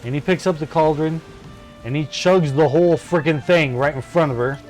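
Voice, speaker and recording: A man streaming a co-op game, chatting casually and telling a myth in a playful, animated way. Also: fairly high pitch, moderate pace, faint music behind. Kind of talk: casual gameplay chat with storytelling.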